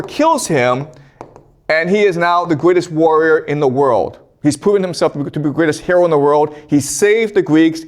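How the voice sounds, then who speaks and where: A man lecturing in a casual storytelling style, often checking in with "okay?". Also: on the high side. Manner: conversational, tags lines with "okay?".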